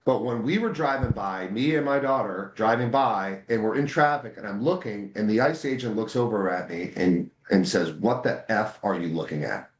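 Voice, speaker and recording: A man's voice: on the low side, normal speed, hardly any pauses, roomy sound. A man speaking as a guest in a political interview, impassioned, repeating words when he gets heated. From United States. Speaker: guest, voting rights advocate.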